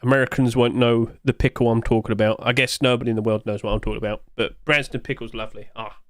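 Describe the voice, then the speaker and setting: A man's voice: medium pitch, fairly even intonation, fast, dry recording. A British man talks casually to his stream chat in a chatty, joking way, with a voice of middle height. His voice is close and dry, with no room sound around it. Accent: British English.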